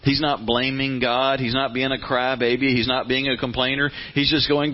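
An American pastor preaches and reads scripture in an earnest, conversational voice that swells into animated emphasis. His pitch sits in the middle range. The sound is a muffled, lo-fi radio broadcast. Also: moderate pace, few pauses. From United States. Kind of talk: sermon with scripture reading.

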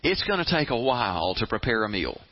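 A man preaching a sermon, retelling a story with lively, swooping delivery. His voice is a little husky and sits fairly high for a man. The recording sounds dull and lo-fi. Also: a little fast. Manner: animated storytelling, addresses the audience directly.

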